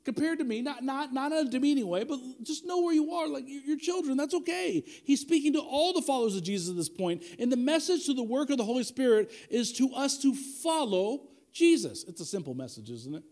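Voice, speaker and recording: A man in his forties preaching a sermon, talking casually, repeating himself for emphasis, and leading the prayer in a quieter voice. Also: very high-pitched, animated, brisk, few pauses. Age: 40s. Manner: conversational preaching with repetition and asides. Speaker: pastor.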